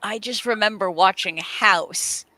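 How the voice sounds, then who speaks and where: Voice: mid-range voice, measured pace, sharp tone, poor audio. A host of a live stream show, chatting casually and reading viewer comments, with "um" and "uh" fillers. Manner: reads viewer chat aloud, uses "um" and "uh" fillers.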